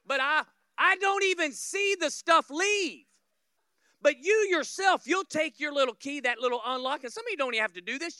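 A man from Florida, preaching a sermon as a guest pastor, telling stories, acting out scenes and building to loud peaks, with humorous asides to the congregation. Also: extremely high pitch, expressive, normal speed, no echo, clean studio sound.

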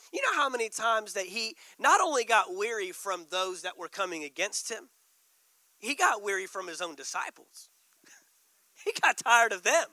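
A man delivers a sermon in a strikingly bright, piercing voice that sits high. He preaches emphatically, drawing out key words for stress. The sound is close and dry. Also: dry recording, rough recording. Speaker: pastor.

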